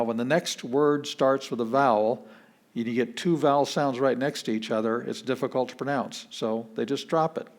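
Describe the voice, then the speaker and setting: Speaking in a mid-range voice, a male pastor leads a beginner's Greek class, keeping the tone easygoing and conversational while slowly repeating words to show how to say them.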